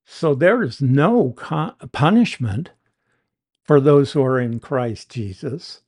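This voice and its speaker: A preacher giving an expository Bible teaching sermon, deliberate and emphatic, leaning hard on key words. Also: medium pitch, lively intonation, darkish tone, breathy edge.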